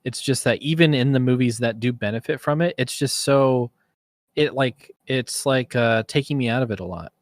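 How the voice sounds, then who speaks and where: Speaking at a moderate pace in a medium pitch, a podcast co-host is heard in clean studio audio with no echo. His casual conversation rambles along with many restarts and frequent laughs.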